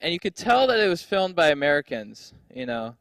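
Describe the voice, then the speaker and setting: A man's voice: fairly high pitch, sing-song, fairly quick, fairly bright tone, no echo, clean studio sound. A young man doing a stand-up comedy set on a handheld stage mic, brash, profane and self-mocking.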